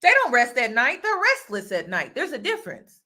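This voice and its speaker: Bright, earnest woman vlogger. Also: a little high, wildly swooping pitch, normal speed. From United States. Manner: earnest, repeats phrases for emphasis. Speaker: host and mentor. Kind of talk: casual vlog monologue.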